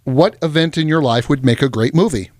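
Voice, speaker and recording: A man hosting an interview show, asking quick-fire questions in a playful, teasing way. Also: on the high side, darkish tone. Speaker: interview host.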